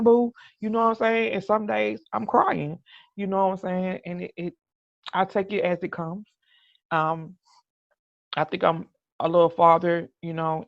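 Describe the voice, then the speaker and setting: A middle-aged podcast host speaks in a candid, earnest monologue with a gravelly edge, often starting over mid-sentence. The recording is dull and lo-fi, with no room sound at all. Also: medium pitch, no echo. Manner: earnest, with restarts and "you know what I'm saying".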